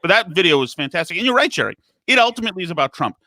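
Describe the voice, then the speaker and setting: Bright-voiced sarcastic radio co-host. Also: male voice, high-pitched, big pitch swings, rapid-fire, no echo. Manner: sarcastic storytelling. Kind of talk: opinionated talk radio.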